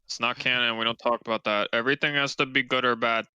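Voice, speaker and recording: Bright, emphatic, swearing podcast man. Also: mid-range voice, fairly even intonation, fast, smooth, no echo, lo-fi sound. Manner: emphatic, swears often, argumentative. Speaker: podcast co-host. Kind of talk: casual gaming podcast banter.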